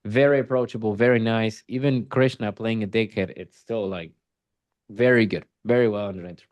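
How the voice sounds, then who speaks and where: A man's voice: lowish voice, fairly even intonation, moderate pace, darkish tone, dry recording, lo-fi sound. A man giving coaching commentary on a sales roleplay, praising and repeating his points for emphasis.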